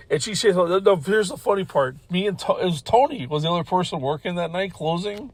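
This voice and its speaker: A man tells a rambling story from his own life, swearing freely and tripping over his own sentences as he goes. His voice sits a bit high for a man. The sound is dry and close, with no room echo. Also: lively intonation, fairly quick, few pauses. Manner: rambling, profane, self-interrupting, laughs while telling. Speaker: podcast host. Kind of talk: casual storytelling.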